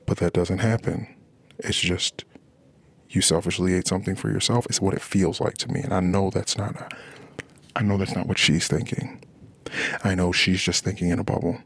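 Low gravelly man venting. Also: little pitch movement, moderate pace, no echo. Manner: rambling, frustrated venting. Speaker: podcast host. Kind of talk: personal monologue about marriage.

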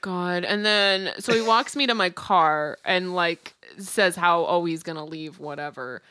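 Unhurried laughing woman podcaster. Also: lowish voice, sharp tone, clear, resonant tone. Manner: laughs often while telling stories; candid, self-mocking storytelling. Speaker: podcast co-host. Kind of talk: casual chat.

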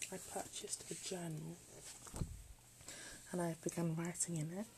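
A woman's voice: lowish voice, creaky, mellow, slight background noise, low-quality recording. A teenage girl chatting casually late at night in her bedroom, rambling and often dropping into half-whispers. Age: late teens. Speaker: vlogger.

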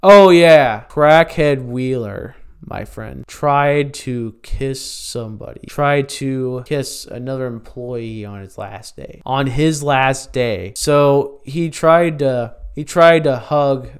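Slow-talking man rambling on a podcast. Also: medium pitch, clean tone. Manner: rambling, halting, chuckling at his own stories. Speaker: podcast host. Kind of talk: casual storytelling podcast.

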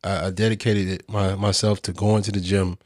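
A man's voice: sits low, flat delivery, brisk, a little mellow, no room sound. Stammering, motivational man, dry sound. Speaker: podcast co-host. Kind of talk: casual chat.

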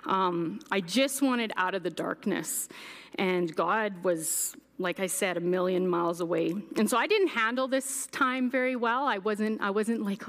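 A woman's voice: medium pitch, unhurried, a bit bright. A young adult woman giving a candid personal testimony as a guest speaker, acting out her past words with animation. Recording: echoey hall reverb.

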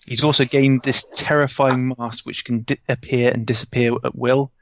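A man's voice: medium pitch, little pitch movement, normal speed, muffled recording, a little hiss or hum. A man casually introducing his tabletop character, chatty and self-correcting with frequent ums.

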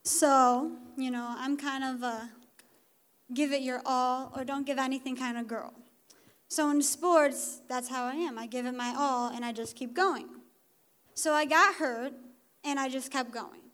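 A woman's voice: high-pitched, steady tone, a little slow, a bit bright. A teenage girl giving a casual personal testimony in church, talking in a youthful way with lots of "like". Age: teens. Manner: casual, youthful, uses like often.

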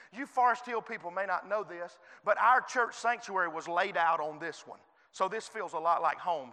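A man preaching a fervent sermon as a guest preacher, swinging from soft passages to shouted ones. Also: high voice. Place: church sanctuary. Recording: reverberant church hall.

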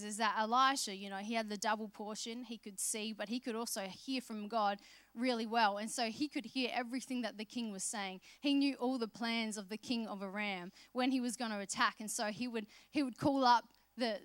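A woman's voice: a little high, fairly even intonation, fairly quick, fairly bright tone, no echo. A woman preaching a sermon, telling Bible stories in a conversational way and acting out the characters' lines. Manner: conversational storytelling, acting out voices of biblical characters.

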